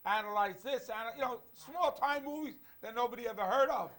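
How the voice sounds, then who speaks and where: A man's voice: very high-pitched, fairly quick, a bit bright. A man hosting a talk show, telling an anecdote in a rambling, admiring way with many restarts. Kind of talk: casual talk show chat.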